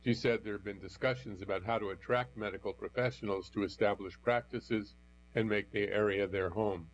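A man with a fairly low voice reads news articles aloud, keeping a steady, even delivery. The recording is dull and lo-fi. A faint mains hum runs underneath. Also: fairly quick. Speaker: news reader.

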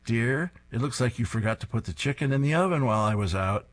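A man's voice: mid-range voice, animated, fast talker, lightly acted. A man voicing a patient housewife who mildly chides her husband. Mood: mild chiding. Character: patient comic-strip housewife.

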